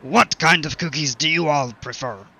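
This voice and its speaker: A blustering cartoon pirate, as a man puts him on, pitched up and pushed loud, with a bright, pressed edge. The sound is slightly dull and lo-fi. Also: normal speed, exaggerated voice. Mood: blustery.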